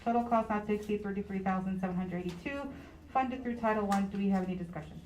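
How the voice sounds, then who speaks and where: A fast-talking woman runs a school board meeting, reading motions aloud and calling each member's vote. Her voice carries through an echoey meeting room with faint room noise behind it. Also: mid-range voice, darkish tone. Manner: brisk, reads resolutions and calls votes. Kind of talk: chairing a public board meeting.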